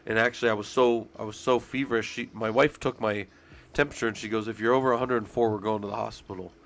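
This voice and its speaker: A man's voice: on the low side, fairly even intonation, quick pace, fairly bright tone. A man streaming casually, congested from being sick, rambling and swearing as he talks to his chat. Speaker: streamer talking through job requirements.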